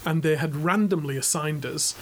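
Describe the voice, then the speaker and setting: Chatty Yorkshire-accented man with a higher voice. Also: moderate pace, a little hiss or hum. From England. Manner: chatty, laughs often, self-mocking. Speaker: podcast co-host. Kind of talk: casual chat.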